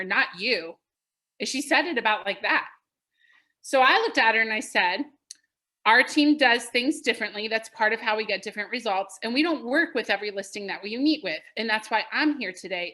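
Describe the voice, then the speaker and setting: A woman coaching real estate agents in a webinar, telling stories with lively emphasis. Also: a little high. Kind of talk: webinar teaching. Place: home office. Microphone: video call.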